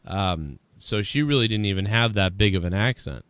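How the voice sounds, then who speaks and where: A man from the Boston area with a softened Boston accent, hosting a live show in loose, profane, rambling chat. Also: on the low side, animated, normal speed, clean tone, dry recording. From Boston area, USA. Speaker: podcast host.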